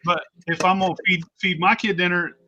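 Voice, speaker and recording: A man's voice: high-pitched, little pitch movement, fairly quick, dull audio, crowd noise. A man, the host, telling a story in a casual chat, blunt and profane.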